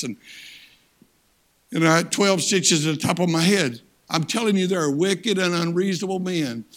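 A man's voice: high-pitched, fairly bright tone. An older man, a missionary and guest preacher, giving a sermon in a plain-spoken, folksy storytelling way with emphatic turns. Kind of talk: sermon with personal stories.

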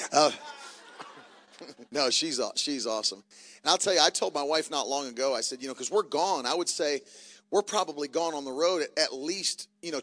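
A man in his thirties, a traveling preacher, telling jokey family stories from the pulpit with loud bursts. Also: mid-range voice. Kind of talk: church announcements and family stories. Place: church service.

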